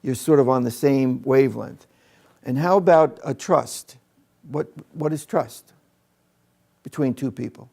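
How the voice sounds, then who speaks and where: A man's voice: mid-range voice, unhurried, creaky, pauses often, a little mellow. A man training teachers in a live workshop, chatting with his audience and demonstrating with a volunteer in a training room.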